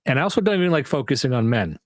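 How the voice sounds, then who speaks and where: A man co-hosting a podcast, chatting in a loose and profane way and laughing often. His voice sits at an everyday middle pitch. The sound is close and dry, with no room around it. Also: sing-song, rapid-fire, no echo. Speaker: podcast co-host. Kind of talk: casual podcast chat.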